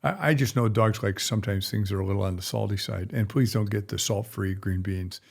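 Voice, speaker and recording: A man's voice: lowish voice, brisk, vocal fry. A middle-aged male veterinarian chatting on a podcast, rambling and folksy with blunt asides. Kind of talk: casual podcast chat.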